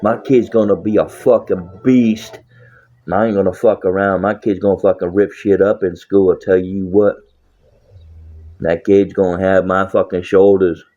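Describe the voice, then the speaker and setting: A very low-voiced man rambling casually and bluntly, swearing constantly and breaking into laughs. The sound is dull and lo-fi, like a cheap mic. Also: level tone, normal speed, warm tone. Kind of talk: casual profane monologue.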